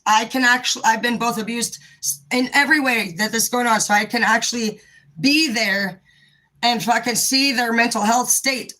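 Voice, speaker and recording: Woman going off on a swearing rant, kinda high voice, sharp and forceful. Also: low-quality recording. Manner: heated, profane, blunt. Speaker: vlogger. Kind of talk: impassioned direct-to-camera rant.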